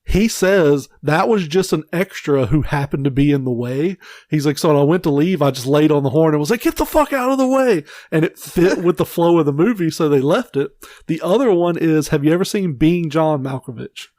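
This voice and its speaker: A man co-hosting a casual podcast, telling movie stories with lots of swearing and shouted impressions. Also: on the high side, brisk, no echo. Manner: profane, animated storytelling with shouted impressions. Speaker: podcast co-host. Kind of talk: casual chat.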